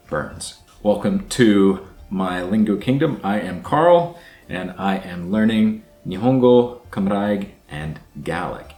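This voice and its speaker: This man's voice is deep and darkish; he hosts a laid-back language-learning vlog, talking through words out loud in a chatty, explanatory way. Faint music plays in an echoey room.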